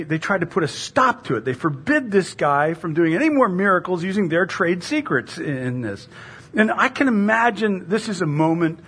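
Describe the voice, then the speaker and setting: Lively, husky-voiced woman preaching. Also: fairly low pitch. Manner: animated, conversational preaching with rhetorical questions and laughs. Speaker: pastor. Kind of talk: sermon.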